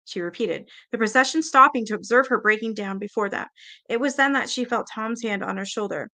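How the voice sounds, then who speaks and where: A woman's voice: a little high, fairly quick, sharp tone. A woman reading a book aloud in a casual way, stumbling over words and stopping to react and swear.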